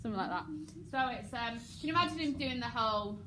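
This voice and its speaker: English drama teacher lady acting out lines, bit high voice, noisy room. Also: brisk. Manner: animated, acts out lines and laughs often.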